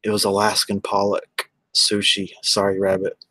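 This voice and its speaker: A man's voice: fairly low pitch, completely flat delivery, normal speed, sharp tone, no room sound. A man, chatting casually on a livestream and answering viewers by name in a rambling way. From Texas.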